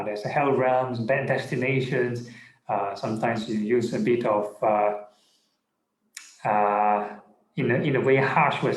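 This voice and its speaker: A man, a monk, giving a relaxed Buddhist Dhamma talk online, with many fillers and checking in with "yeah?". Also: medium pitch, reverberant, low-quality recording. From Singapore. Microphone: online video call.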